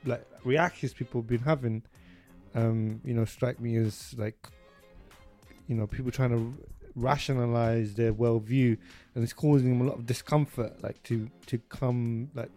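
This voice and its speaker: A man's voice: medium pitch, warm tone. A man in casual podcast chat, rambling with fillers and laughing often.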